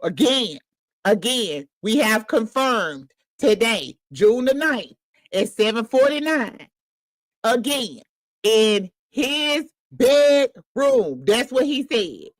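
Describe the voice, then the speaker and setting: A woman hosting a reaction livestream, teasing and swearing in quick, animated bursts of casual commentary. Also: on the high side, no echo, studio quality.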